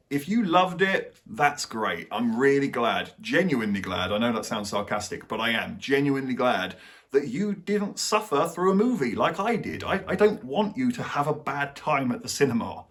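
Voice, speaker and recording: A young man, the host of a film-review channel, delivers his verdict bluntly and with dry sarcasm. His pitch sits in an ordinary middle range, and he speaks like an opinionated reviewer. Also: a bit bright.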